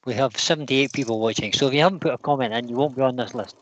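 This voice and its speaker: A man's voice: medium pitch, racing, fairly bright tone, dry recording. A man hosting a casual livestream, reading out long lists of viewer names and laughing easily. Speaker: livestream host.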